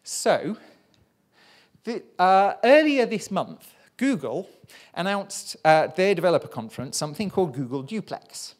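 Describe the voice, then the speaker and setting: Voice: medium pitch, sing-song, measured pace. Chatty, rambling science talk presenter. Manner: rambling, self-deprecating, chatty. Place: live pub science event.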